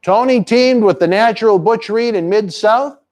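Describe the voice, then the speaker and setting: A man's voice: high voice, moderate pace, darkish tone. A man hosting a live wrestling chat stream, rattling off promotions and crude jokes. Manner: brash promotional patter and crude teasing. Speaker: host.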